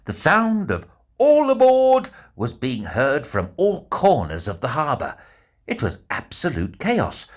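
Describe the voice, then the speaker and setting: A man narrating a children's adventure story in the first person as a bear, in an animated, expressive storytelling manner. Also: mid-range voice, husky.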